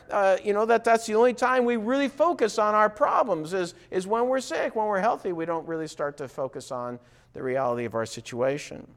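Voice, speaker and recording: A man preaching a sermon as pastor, earnest, with rising emphasis, asides and acted-out quotes. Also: high-pitched. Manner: acts out quoted voices in dialogue.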